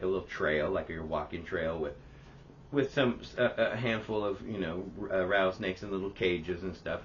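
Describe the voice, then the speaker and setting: A man's voice: sits low, muffled recording, a little hiss or hum. A man co-hosting a podcast, telling stories in casual chat, swearing and acting out what people said. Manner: animated, swearing, acts out quotes. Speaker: podcast co-host.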